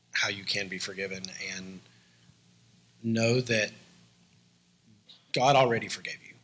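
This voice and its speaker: Husky-voiced man, gentle and earnest. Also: lowish voice, low-quality recording. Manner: gentle, earnest, chuckles at himself. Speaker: church guest sharing his story. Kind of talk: heartfelt encouragement.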